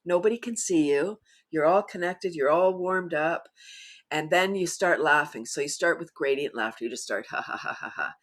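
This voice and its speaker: A woman guest in a casual interview, talking enthusiastically and laughing often as she explains. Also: moderate pace. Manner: animated storyteller, bursts higher and louder when excited. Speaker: guest, laughter yoga teacher.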